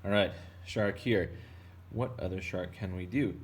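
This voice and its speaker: A man's voice: deep voice, a little slow, a little hiss or hum. A man casually teaching kids to draw, playful and chatty as he narrates each step. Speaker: art teacher. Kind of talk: casual drawing tutorial for kids.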